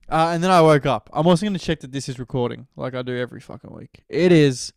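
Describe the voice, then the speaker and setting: A man's voice: on the high side, fast talker, creaky, hardly any pauses, no room sound, studio quality. A man with an Australian accent hosting a solo podcast in rambling, crude, jokey casual chat. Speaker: podcast host.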